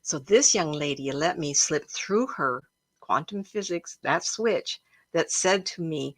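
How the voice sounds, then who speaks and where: Woman, livestream host, psychic medium, emotional storyteller, slightly low voice, casual chat. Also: a little slow. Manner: emotional, animated storyteller who laughs and gasps often.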